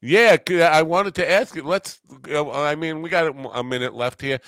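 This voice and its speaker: A man's voice: a little high, normal speed, fairly bright tone, no echo. A man hosting a podcast in casual chat, easygoing and self-deprecating. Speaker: podcast host.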